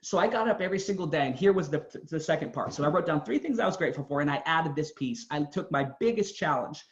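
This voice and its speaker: This motivational speaker, a man with a slightly high voice and lively intonation, talks fast as he earnestly and emphatically tells his own story. The recording is reverberant and dull, with lo-fi quality.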